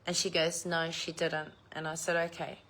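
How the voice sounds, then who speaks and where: A woman's voice: low-pitched, monotone, normal speed, fairly bright tone. A middle-aged woman, chatting casually with viewers, telling a story and swearing freely. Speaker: vlogger chatting live with viewers. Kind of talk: casual chat.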